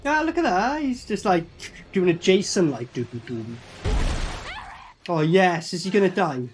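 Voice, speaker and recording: A man's voice: high voice, expressive, unhurried, background noise. A man giving a casual, sweary running commentary as he reviews a film. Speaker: movie reviewer.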